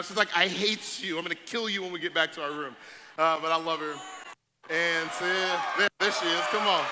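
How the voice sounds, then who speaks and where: On stage in a big event hall, a young male youth-event speaker bantering with the audience keeps things playful and full of hype. He sounds high and bright, and this live recording of his energetic talk has lots of noise.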